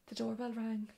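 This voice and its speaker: A woman's voice: fairly high pitch, vocal fry, darkish tone, breathy edge. A woman reading a children's storybook aloud, with occasional slips and self-corrections.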